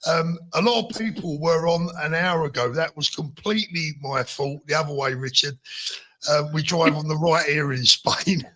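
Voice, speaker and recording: A man's voice: fairly high pitch, moderate pace, sharp tone, rough recording. A man hosting a casual livestream panel, chatty and full of fillers as he welcomes guests. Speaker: livestream host. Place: at home in Spain.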